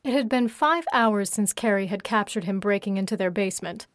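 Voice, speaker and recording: A woman reads an audiobook in a steady, even voice. Her pitch sits in a medium range. The recording is dry and close. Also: fairly quick, no room sound. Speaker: narrator. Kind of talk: audiobook narration.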